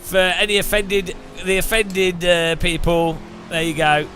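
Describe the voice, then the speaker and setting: A man's voice: sits high, level tone, unhurried, sharp tone, soft background music. A man giving casual, joking gameplay commentary, chatting and laughing often. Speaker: gaming streamer.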